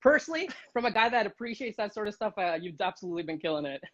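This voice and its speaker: A man's voice: high voice, very animated, very fast, a bit bright, highs cut off. A man interviewing a guest for a city blog over a video call, chatty, upbeat and openly fanboyish.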